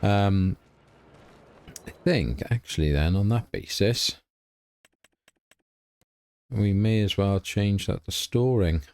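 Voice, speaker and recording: A middle-aged man, hosting a relaxed farming game let's play, chatting easily and thinking aloud as he plays. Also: on the low side, slow, long pauses, clear, resonant tone. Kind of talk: casual game commentary.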